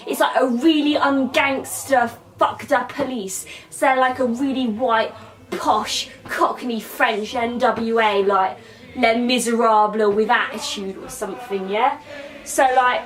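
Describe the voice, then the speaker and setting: A woman's voice: fairly high pitch, takes it slowly. A woman giving a crude, rambling comic film recap full of slang. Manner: slangy, crude, rambling, puts on silly voices. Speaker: comedy character reviewer. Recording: distant mic, faint music.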